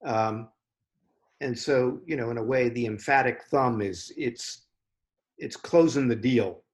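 A man in conversation about poetry, speaking at an ordinary middle pitch. He talks in a measured, reflective way, pausing often to gather his thoughts. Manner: thoughtful, unhurried, with frequent pauses and fillers. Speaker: poetry editor.

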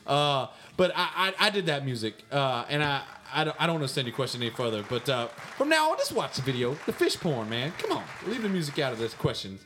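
Over a noisy background, a man talks quickly with big pitch swings and hardly any pauses. Co-hosting a comedy show, he answers fan mail in character with a mock-pompous delivery that lurches from high squeaks to low mutters.

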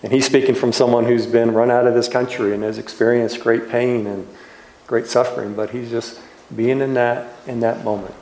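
Gentle man preaching in an echoey room. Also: mid-range voice, little pitch movement. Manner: gentle, unhurried, with soft trailing pauses. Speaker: pastor. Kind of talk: reflective sermon storytelling.

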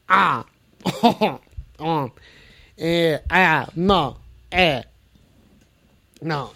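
A man hosting a live call-in show in a clumsy put-on French accent, playful and rambling. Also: high-pitched.

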